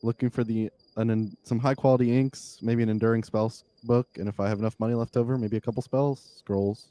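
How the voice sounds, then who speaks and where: A man's voice: mid-range voice, steady tone, brisk, mellow. A man speaking as his character in a tabletop game, casual and a little hesitant. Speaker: player.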